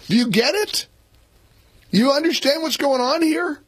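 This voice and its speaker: A man's voice: high-pitched, animated, moderate pace, fairly bright tone, slightly rough, no room sound. A man in his sixties hosting a talk radio show, speaking emphatically and repeating points for punch. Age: 60s. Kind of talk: opinionated political talk radio.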